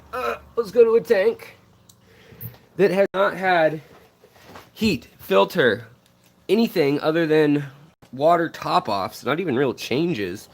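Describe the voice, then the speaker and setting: A man hosting a casual home vlog, showing his aquariums indoors, talking in a relaxed, rambling way with lots of fillers and restarts, keen on his fish. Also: on the high side. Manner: enthusiastic about the fish. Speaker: fishkeeping channel host. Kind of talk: casual vlog tank tour.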